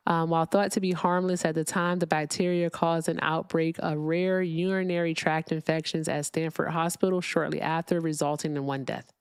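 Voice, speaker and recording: A woman's voice: low-pitched, flat delivery, moderate pace, few pauses, clean tone, dry recording, clean studio sound. A woman hosting a live political stream, ranting bluntly and reading viewer comments aloud. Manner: blunt, profane, ranting, reads super chats aloud. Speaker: livestream political talk host.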